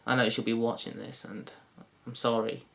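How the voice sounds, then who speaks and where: A man's voice: mid-range voice, level tone, normal speed, vocal fry, fairly bright tone. A man with a Yorkshire accent performing a stand-up comedy routine, rambling, correcting himself and swearing with sardonic delivery. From Yorkshire, England.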